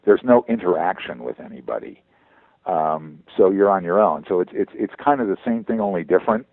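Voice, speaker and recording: A veteran voice actor talking in a phone interview, halting and repeating words as he goes. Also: sits low, animated, vocal fry, no echo. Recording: tinny phone line.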